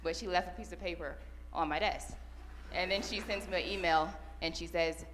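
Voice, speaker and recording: A woman with a lowish voice telling a personal story to an audience, warm and self-deprecating with plenty of ums. There is a faint hum under her voice. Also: fairly even intonation, moderate pace. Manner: warm, self-mocking, with fillers. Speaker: Air Force supervisor, panelist. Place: large auditorium.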